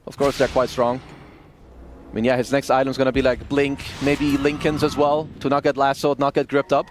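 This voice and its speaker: A man giving color commentary on an esports match, calmly explaining what the teams are doing. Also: medium pitch, brisk, background noise. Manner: relaxed analytical explanations. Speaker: esports analyst.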